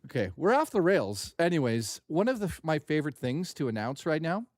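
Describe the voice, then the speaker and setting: A man hosting a live reaction stream, joking loudly, swearing and rambling crudely at a desk mic. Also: a little high, very animated, brisk, no echo, studio quality.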